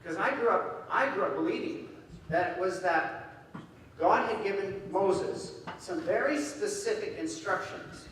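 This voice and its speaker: Animated male preacher, high voice, distant mic in a reverberant hall. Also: measured pace, slight background noise. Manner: animated, acts out quoted voices. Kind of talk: sermon. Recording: echoey hall from far off.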